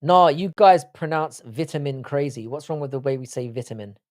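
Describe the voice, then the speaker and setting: A man's voice: fairly high pitch, brisk. A man with a London accent hosting a live stream, chatting casually and bantering with the viewers in a profane, joking way. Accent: London English. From England.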